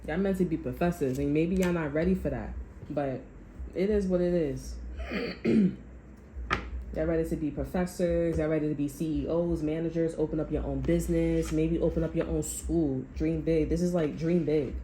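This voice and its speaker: A woman's voice: deep voice, normal speed, mellow, reverberant, a little hiss or hum, rough recording. A woman giving a tarot reading, talking to her viewers in a blunt, profane, sassy way. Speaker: tarot reader. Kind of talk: casual spiritual reading monologue.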